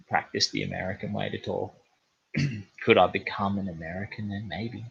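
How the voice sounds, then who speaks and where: Low, forceful-voiced man. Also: steady tone, normal speed, vocal fry, husky, no room sound. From New Zealand. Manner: rambling, profane, laid-back. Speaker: podcast host. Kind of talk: casual monologue. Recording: dull, lo-fi, dry sound.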